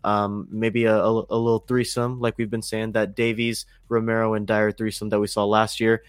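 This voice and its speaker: A man co-hosting a sports podcast, calmly talking things through point by point in casual chat. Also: fairly low pitch, moderate pace, smooth, no room sound, clean studio sound. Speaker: podcast co-host.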